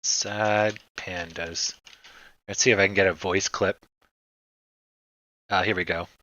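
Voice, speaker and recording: A man's voice: sits low, little pitch movement, moderate pace, bright, forceful tone, no echo, muffled recording. A man hosting a stock trading livestream, chatting casually and rambling with lots of fillers, and he swears now and then.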